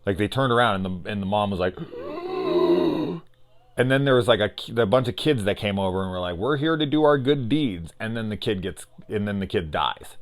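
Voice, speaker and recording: A man reviewing a horror film in loose, profane casual chat, acting out scenes in quick voices. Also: fairly low pitch.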